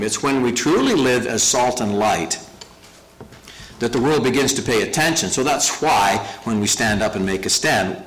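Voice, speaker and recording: A pastor preaching a sermon, earnest and emphatic, slowing down to stress key phrases. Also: male voice, lowish voice, a bit bright, rough recording.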